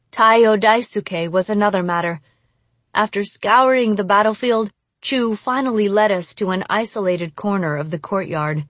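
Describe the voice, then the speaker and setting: A woman reading a first-person audiobook in a measured, expressive narration. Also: mid-range voice, dry recording.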